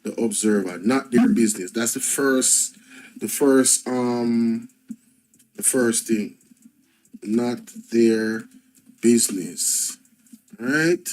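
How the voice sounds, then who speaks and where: A man's voice: mid-range voice, takes it slowly, pauses often, a little mellow, low-quality recording. A man hosting a news reaction show. He rants emphatically, circling back over his points again and again, fed up and blunt. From Jamaica. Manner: angry, repetitive, emphatic ranting. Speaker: host. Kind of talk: commentary reacting to news clips.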